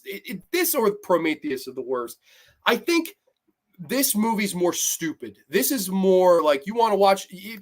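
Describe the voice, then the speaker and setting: A young man hosting a livestream, reviewing films and reading chat comments aloud. His voice sits a touch high for a man. He talks bluntly and profanely, swings from groans to laughing rants, and mocks characters in quick put-on voices. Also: fairly bright tone. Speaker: host.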